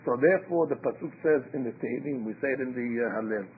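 A man's voice: mid-range voice, fast. A man giving an informal Torah lecture, telling stories and acting out quotes, with Hebrew terms mixed into his English. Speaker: rabbi giving a Torah class. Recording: tinny phone-like line with faint hiss.

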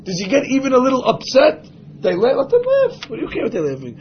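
A man's voice: very high-pitched, huge pitch swings, fast talker, highs cut off, slight background noise. A man teaching a religious class, speaking emphatically and acting out the voices of imagined people. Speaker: Torah teacher.

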